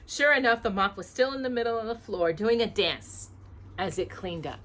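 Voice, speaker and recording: Mother reading storybook aloud, lively sing-song rise and fall, bright clear tone, pauses to quiz her child. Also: mid-range voice. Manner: expressive, stops to ask the child questions.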